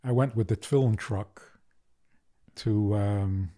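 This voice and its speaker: An older man speaks as a rabbi guest in an interview. His voice is mellow and dark, and his humor is wry and deadpan. Now and then he lifts into an animated storytelling tone. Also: lowish voice, takes it slowly. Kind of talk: interview conversation.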